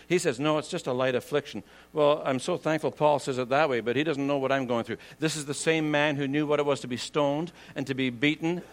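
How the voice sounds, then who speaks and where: An older man preaching a sermon, earnest and conversational, swinging from loud emphatic lines to quiet asides. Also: fairly high pitch.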